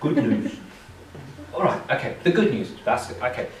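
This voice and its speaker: A British man telling a legend live to an audience in an animated way, acting out the voices. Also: medium pitch, moderate pace, slight background noise. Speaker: storyteller. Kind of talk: live storytelling performance. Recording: echoey live room from far off.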